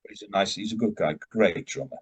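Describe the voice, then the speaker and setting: An older man with a lowish voice spins long, rambling stories from his years in rock bands, drifting off on tangents and restarting his sentences. He talks in a casual, chatty way, as a guest being interviewed. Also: animated, brisk, breathy edge. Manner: rambling, digressive anecdotes with many restarts.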